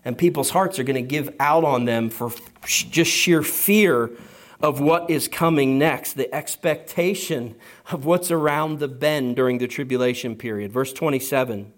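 A man preaching a sermon to his church, slow and emphatic, with deliberate pauses between phrases. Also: medium pitch. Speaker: pastor.

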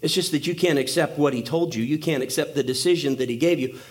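High-voiced man preaching with humor. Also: fast talker. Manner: humorous storytelling, acting out voices. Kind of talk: sermon.

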